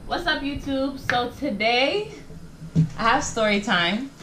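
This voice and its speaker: A young adult woman tells a storytime on a home vlog, chatty and slangy, acting out what each person said. Her high-pitched voice is expressive and slow, captured on a camera mic with reverb and background noise.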